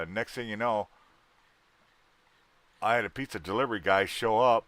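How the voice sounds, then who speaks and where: Man, from wisconsin, casual livestream chat, rambling folksy talker, lowish voice. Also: moderate pace, long pauses, fairly bright tone, no room sound. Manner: rambling, folksy, salty talk. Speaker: livestream host chatting with viewers.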